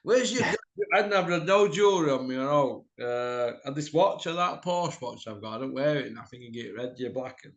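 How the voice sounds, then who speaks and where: A middle-aged man telling a rowdy story in casual chat, mouthy and quick to laugh. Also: mid-range voice, lively intonation, muffled recording. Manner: mouthy, laughs a lot, slips into quoted voices. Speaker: podcast host. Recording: echoey room.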